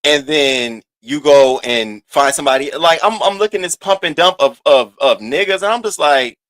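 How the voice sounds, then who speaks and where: A man with a slightly high voice hosts a casual gossip commentary. He is animated and profane, jumping from loud outbursts to low muttered asides. He stretches words out for sassy emphasis. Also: normal speed, dry recording. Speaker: host of a commentary channel.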